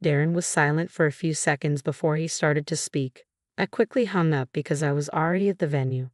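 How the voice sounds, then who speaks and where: Low-voiced woman narrating a story. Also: brisk, dry recording, studio quality. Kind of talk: first-person story narration.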